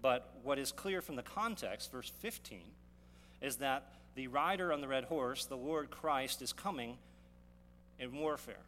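A man's voice: medium pitch, measured pace, bright, forceful tone. A male pastor preaching a sermon, teaching verse by verse with rhetorical questions and frequent restarts. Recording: long reverb of a hall, faint hum.

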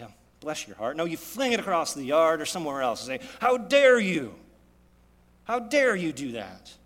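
A man in his thirties preaching with a fairly high voice that rises and falls with lively emphasis. He presses his listeners with rhetorical questions, and his words ring out through a hall with a long echo. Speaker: pastor. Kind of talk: sermon.

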